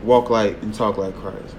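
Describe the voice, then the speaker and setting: A man preaching a sermon in a conversational way, often tagging his points with "right?" and swinging from loud emphasis to a hushed voice. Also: on the low side, fairly even intonation, takes it slowly, slight background noise, poor audio. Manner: conversational, tags lines with "right?".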